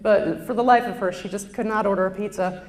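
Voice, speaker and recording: A woman doing stand-up storytelling on stage with a lapel mic, in a chatty, self-deprecating way. Her voice sits at a middle pitch for a woman. The sound carries a roomy echo from the stage hall around her. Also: fairly even intonation, a little fast, a little mellow. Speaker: stand-up performer. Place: stage before a live audience.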